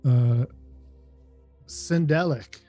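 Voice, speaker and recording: Slow, halting male game master. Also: mid-range voice, mellow. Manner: halting, many fillers and restarts. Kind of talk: narrating a tabletop game. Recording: dry close mic, faint music.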